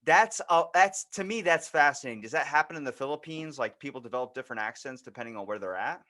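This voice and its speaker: A man's voice: mid-range voice, fast talker. A man hosting a podcast, telling stories in casual chat and acting out quoted lines with energy. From United States. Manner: animated storyteller, acts out quotes. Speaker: podcast host.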